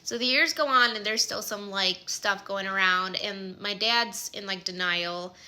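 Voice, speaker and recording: A woman in her thirties with a Midwestern American accent casually tells a personal story, speaking at medium pitch in an unhurried, pushed and bright voice. She's chatty and fills her speech with lots of "like" and "um."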